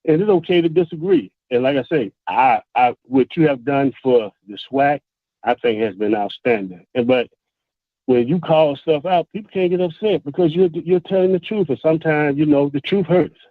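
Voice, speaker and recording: A man calling in over the phone, making an earnest point in a halting way with repeated words. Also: fairly high pitch, no echo. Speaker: caller. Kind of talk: call-in sports talk. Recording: dry, tinny phone line.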